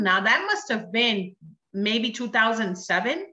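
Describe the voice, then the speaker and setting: A woman's voice: fairly high pitch, sing-song, a little slow, pushed and bright. A woman giving an earnest personal faith testimony, telling her story and acting out the dialogue in it. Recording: dull roomy recording.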